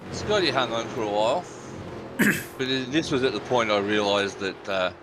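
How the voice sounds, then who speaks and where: A man's voice: medium pitch, expressive, moderate pace, background noise. A man chatting as a guest in an easygoing, plain-spoken way. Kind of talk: casual chat.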